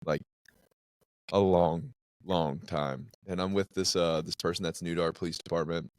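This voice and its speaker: A man who hosts a podcast and works as a police officer, chatting casually and sharing his own stories at an unhurried pace. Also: sits low, fairly even intonation, no echo. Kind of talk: casual interview chat.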